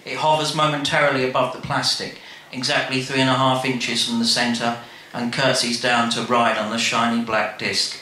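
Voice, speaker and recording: Bright-voiced man reading aloud live. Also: medium pitch, moderate pace. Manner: wry, animated reading with asides. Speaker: storyteller. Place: bar. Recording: echoey live room, faint background noise.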